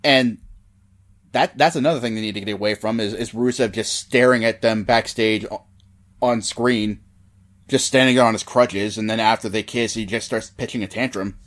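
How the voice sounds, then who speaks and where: A man's voice: on the low side, fairly even intonation, normal speed. A man co-hosting a wrestling podcast in casual chat, enthusiastic and often repeating words as he starts a thought. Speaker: podcast co-host.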